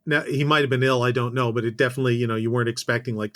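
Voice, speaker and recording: A man's voice: mid-range voice, steady tone, quick pace, fairly bright tone. A Canadian man, a podcast guest, telling a casual story full of self-corrections and dry asides.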